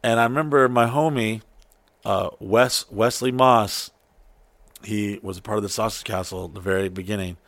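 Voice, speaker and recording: A man's voice: lowish voice, normal speed, no room sound. A man telling stories in casual chat, swearing often and acting out the people he quotes. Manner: profane, animated, acts out quotes.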